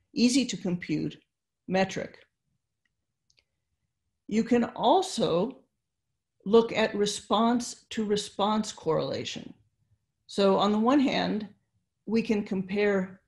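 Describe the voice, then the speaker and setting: An older woman giving an online webinar lecture, explaining step by step with pauses, fillers and restarts. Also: medium pitch, darkish tone. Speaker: neuroscience lecturer. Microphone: computer mic on video call.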